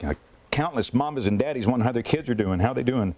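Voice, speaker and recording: A man's voice: mid-range voice, fast, darkish tone. A man working as a TV meteorologist, urgent and folksy, covering tornado warnings and questioning a mayor live. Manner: urgent, folksy, many fillers. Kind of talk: live severe weather coverage.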